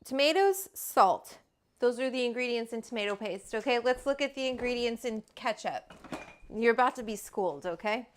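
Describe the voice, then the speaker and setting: A woman's voice: on the high side, animated, normal speed. A woman from Alberta, Canada, hosting a casual cooking livestream in her home kitchen, chatty and rambling with casual swearing. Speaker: cooking show host.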